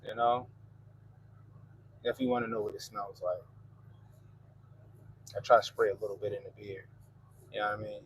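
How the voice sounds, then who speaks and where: A man's voice: on the low side, fairly even intonation, moderate pace, pauses often, slight background noise, poor audio. A man with a Baltimore accent hosting a livestream, chatting loosely and profanely while reading comments. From Baltimore, Maryland. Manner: loose, profane, laid-back banter. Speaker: livestream host.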